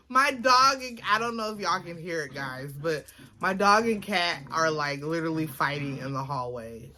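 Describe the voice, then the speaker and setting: In her home in Baltimore, Maryland, a vlogger talks casually to her phone camera, rambling and filling gaps with filler words in a Baltimore accent. Her voice sits low, bright and forceful.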